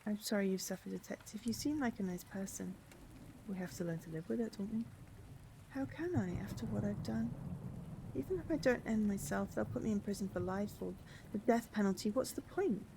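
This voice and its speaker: A woman reading game dialogue aloud, voicing a guilty, hopeless young man who speaks in a shaky, halting, pleading way. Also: mid-range voice, vocal fry, background noise, natural voice.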